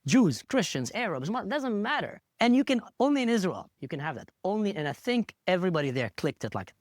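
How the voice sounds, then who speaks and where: A man's voice: brisk, few pauses, no room sound. Guy telling an emotional story, voice jumping around, dry close mic. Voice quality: animated, acts out quotes with big pitch jumps. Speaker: guest. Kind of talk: emotional first-hand storytelling.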